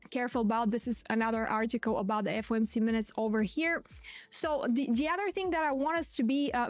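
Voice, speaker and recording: A woman's voice: high-pitched, no room sound. A woman hosting a market livestream in a chatty way, often saying "you guys" and "right?", a little out of breath. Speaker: trading livestream host.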